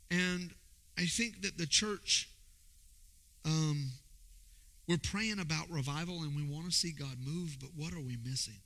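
A pastor preaching a sermon, telling a story with lively delivery and acting out the voices of the people in it. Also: male voice, on the high side, normal speed. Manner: animated, acts out voices in his stories.

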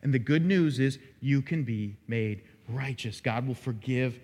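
A man preaching an expository sermon as pastor, animated and dramatic, acting out quoted lines with sudden rises in his voice. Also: medium pitch, measured pace, breathy edge. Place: church sanctuary. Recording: long hall reverb.

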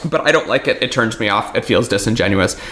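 A man's voice: on the low side, lively intonation, fast, a bit bright. A man who works as a magician, telling stories in a casual podcast conversation, candid, laughing often and swearing now and then. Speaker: magician guest.

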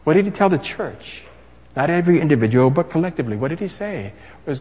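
A man preaching a sermon in an animated way, building to emphatic crescendos. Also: a little high, fast talker, breathy edge. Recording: long reverb of a large hall.

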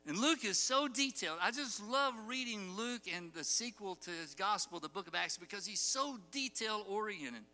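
A man preaching a sermon, telling the story with animated asides and acted-out quotes. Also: high voice, normal speed, few pauses. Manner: animated storytelling, acts out quoted lines, chuckles. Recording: long hall reverb, faint music.

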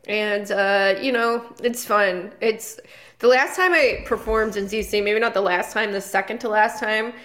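A woman's voice: mid-range voice, a little slow, fairly bright tone. A woman comedian co-hosting a podcast, telling a story in a rambling casual way with lots of fillers and restarts. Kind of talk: casual chat.

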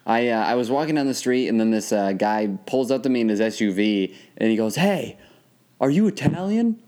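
A man's voice: lowish voice, fast, a little mellow, clean tone. A young man telling stories in casual chat, often laughing and acting out other people's voices. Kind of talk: casual storytelling.

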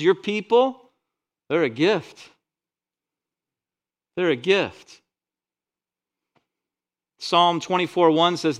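Man preaching with rising intensity. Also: fairly high pitch. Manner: dynamic preaching, rising loud on scripture, dropping soft on asides. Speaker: pastor. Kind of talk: sermon.

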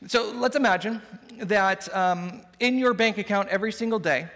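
High-voiced guy preaching, chatty and jokey, long echo in a church hall. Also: moderate pace, fairly bright tone. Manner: conversational, humorous. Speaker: pastor. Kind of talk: sermon.

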